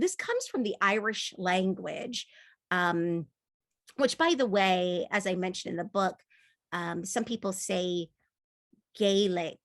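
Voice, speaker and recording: A woman's voice: mid-range voice, a bit bright, no room sound, clean studio sound. A woman author talking in an interview, thoughtful and laughing often, with frequent restarts. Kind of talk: conversational interview.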